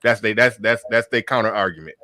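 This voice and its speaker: A man hosting a podcast, talking in a relaxed way and repeating his words. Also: on the low side, a little fast, dry recording. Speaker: host. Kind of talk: casual podcast chat.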